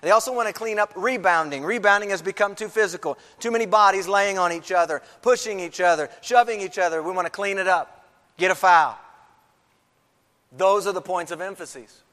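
Male pastor, slightly high voice, emphatic sermon delivery, church hall with long reverb. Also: brisk, pushed and bright. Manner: emphatic preaching with repeated phrases. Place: church sanctuary.

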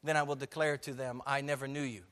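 A man preaching a sermon to his church, emphatic, swinging from soft to loud. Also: mid-range voice, little pitch movement, fast talker, big-room sound. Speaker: pastor. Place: church sanctuary.

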